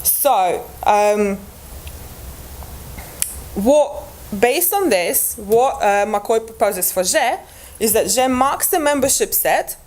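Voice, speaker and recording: A woman's voice: a little high, animated, slow pace, darkish tone. A woman presenting linguistics research at an academic conference, explaining step by step with frequent restarts and fillers.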